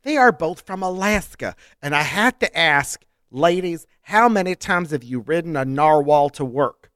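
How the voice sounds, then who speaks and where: A man co-hosting a podcast in casual comedic chat, deadpan and playful. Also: on the high side, normal speed, no room sound, studio quality. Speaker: podcast co-host.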